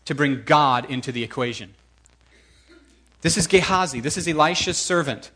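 A man preaching a sermon in a lively, emphatic way, often repeating words to drive a point home. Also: a little high, normal speed.

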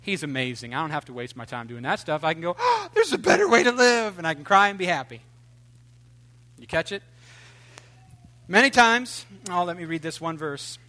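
Lively, bright-voiced male preacher. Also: fairly high pitch, moderate pace, pauses often. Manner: animated, jokey, swings from loud to hushed. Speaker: pastor. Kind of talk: sermon.

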